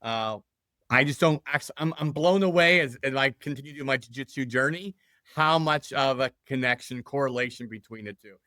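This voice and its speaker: A man's voice: medium pitch, normal speed, pushed and bright, no room sound, studio quality. A man hosting a casual interview, earnest and agreeable, rephrasing his guest's points. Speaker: podcast host.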